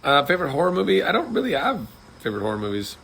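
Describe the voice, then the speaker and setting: A man's voice: on the high side, wildly swooping pitch, very fast, creaky, fairly bright tone, slight background noise. A man in his thirties hosting a live chat and answering viewer questions, rambling and full of fillers and restarts. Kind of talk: casual chat.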